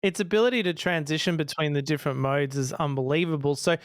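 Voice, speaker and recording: A man's voice: on the high side, quick pace, no echo, studio quality. A man co-hosting a tech podcast, explaining ideas eagerly with frequent restarts. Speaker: podcast co-host. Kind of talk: casual tech podcast chat.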